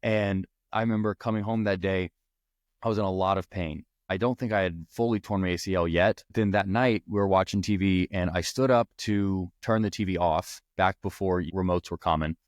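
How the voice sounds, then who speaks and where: Earnest and rambling, a young podcast host tells personal stories, often starting his sentences over. His low voice is steady at a moderate pace, recorded in studio quality without echo.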